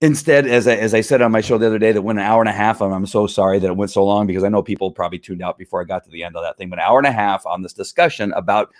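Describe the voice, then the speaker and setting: A man's voice: lowish voice, rapid-fire, few pauses. A man hosts a live online show and talks in a heated, rambling way. He keeps restarting his sentences, stops to read out viewer comments, and pushes back hard at people who disagree with him. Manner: fired-up, talks back to critics, many restarts. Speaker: livestream host. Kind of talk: casual opinion livestream.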